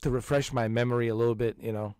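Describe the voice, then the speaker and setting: Brief: man, 40s, lively casual host, emphatic jumps, mid pitch, dry close recording. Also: fast, clean tone, no echo. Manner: animated, restarts often, sudden emphatic rises. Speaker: gaming channel host. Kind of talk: casual chat.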